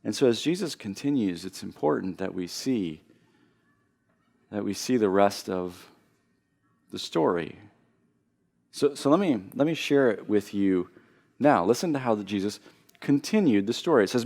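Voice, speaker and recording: A man preaching a sermon as pastor, earnest, often repeating and restarting phrases as he builds to loud emphasis. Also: on the low side, expressive, normal speed, gravelly, pauses often.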